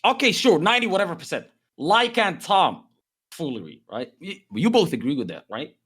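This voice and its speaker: A man's voice: fairly high pitch, huge pitch swings, quick pace, fairly bright tone, husky. A man moderating an online debate, hurriedly placating the contestants and steering them to common ground.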